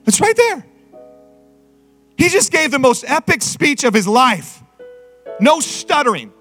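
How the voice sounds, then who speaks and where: A man preaching an animated sermon as pastor, rising to shouts and sung phrases. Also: extremely high pitch, unhurried, soft background music.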